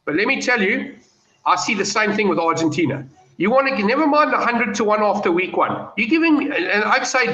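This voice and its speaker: Guy talking bets on a call, tense bright voice, lo-fi roomy sound. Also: high voice, fairly quick. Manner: animated, storytelling, confident. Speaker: betting pundit. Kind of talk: casual panel chat. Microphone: video call. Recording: roomy, dull lo-fi call audio.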